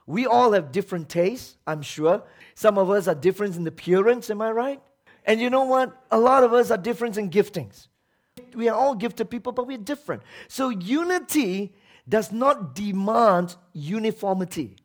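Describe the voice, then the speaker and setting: A man's voice: high voice, lively intonation, normal speed. A man preaching a sermon as pastor, emphatic, asking the congregation rhetorical questions and acting out quoted voices.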